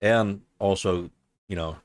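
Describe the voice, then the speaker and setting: Young man, slightly low voice, jokey and laughing in a voice-chat banter. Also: slow. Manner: joking, laughs often. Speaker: voice chat participant. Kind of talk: casual chat in a voice chat.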